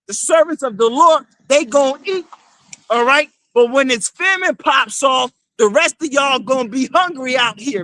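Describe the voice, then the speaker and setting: A male street preacher giving a fiery sermon, shouting scripture lines and saying "all right" after nearly every phrase. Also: very high-pitched, no echo.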